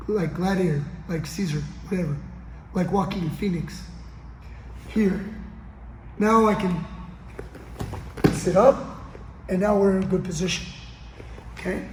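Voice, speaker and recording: Demonstrating a grappling move on the training gym mats, a male coach keeps checking in with his partner. His voice is high, there's slight background noise, and the echoey room adds long reverb.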